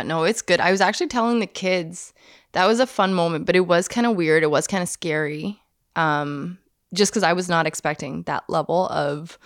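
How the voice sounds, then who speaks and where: A woman's voice: fairly low pitch, no room sound, studio quality. A woman co-hosting a podcast, telling travel stories in casual chat and laughing often. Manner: chatty storyteller, laughs often. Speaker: podcast co-host.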